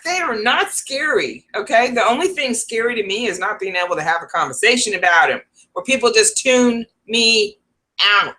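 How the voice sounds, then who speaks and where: A woman's voice: fairly high pitch, lively intonation, normal speed, sharp tone. A woman hosting a casual live stream from home, chatty and laughing often between restarts. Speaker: psychic livestream host.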